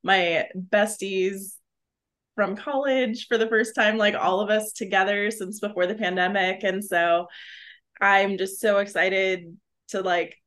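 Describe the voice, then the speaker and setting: A woman's voice: mid-range voice, steady tone, unhurried, a bit bright. Upbeat young woman co-hosting a podcast. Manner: goofy, upbeat, chatty. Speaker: podcast co-host. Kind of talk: casual chat over beer. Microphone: video call.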